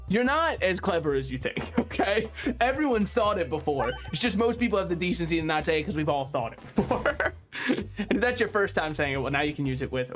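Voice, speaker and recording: A young man talks fast and loose over a game stream, riffing and swearing as he plays. His voice sits on the higher side for a man. Quiet game music plays behind him. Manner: joking, rambling, animated, swears freely. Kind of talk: casual gaming stream chatter.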